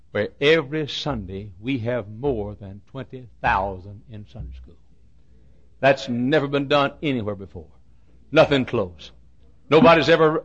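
A middle-aged man preaching a sermon as a pastor, telling a story and building to shouted climaxes. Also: medium pitch, dull audio.

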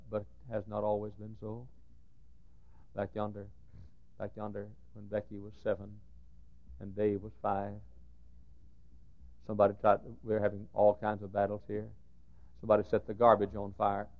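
Preacher with a drawl, lo-fi tape. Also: male voice, lowish voice. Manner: swings from hushed storytelling to shouted outbursts. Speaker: pastor. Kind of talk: sermon. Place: church sanctuary.

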